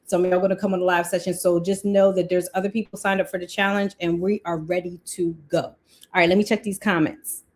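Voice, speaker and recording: A woman, hosting a casual live-stream budgeting talk, chatty and quick to laugh, breaking off her own sentences. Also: fairly low pitch, level tone, darkish tone. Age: 40s. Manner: chatty, laughs often, self-interrupting. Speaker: livestream host.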